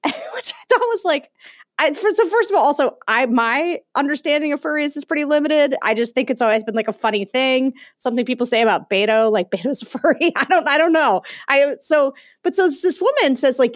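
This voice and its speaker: A woman co-hosting a podcast, telling an animated story in casual chat and laughing often. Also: high-pitched, a little fast, dry recording, clean studio sound. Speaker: podcast co-host.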